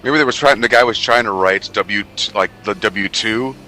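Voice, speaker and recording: A man with a very deep but bright, sharp voice co-hosts a casual radio talk show. He talks fast, jokes crudely and swears freely. A faint noise sits behind him. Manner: crude, joking, swears a lot.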